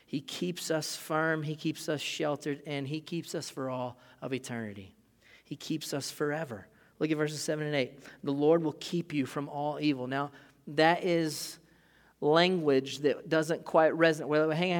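A man in his thirties preaches with a slightly high voice, loose and conversational, acting out small scenes. His words ring out with a long reverb in a church sanctuary. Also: moderate pace. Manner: animated, conversational preaching with acted-out asides. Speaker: pastor. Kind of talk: sermon.

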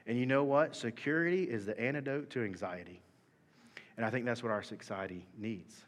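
A man in his thirties preaching a sermon, animated and swinging from soft talk to shouting. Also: mid-range voice, a little fast. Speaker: pastor. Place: church hall. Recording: long hall reverb.

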